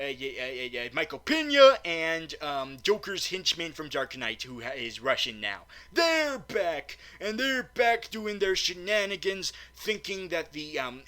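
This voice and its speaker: A man's voice: on the high side, bright, forceful tone. A man doing a comedic movie recap, stammering often and breaking into mock-outraged, swearing rants.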